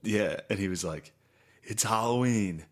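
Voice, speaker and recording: Casting note: young man, low voice, loose drawling storyteller who swears a lot. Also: a little slow. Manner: drawling, swears, acts out quotes. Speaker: podcast co-host. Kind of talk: casual crude chat, storytelling.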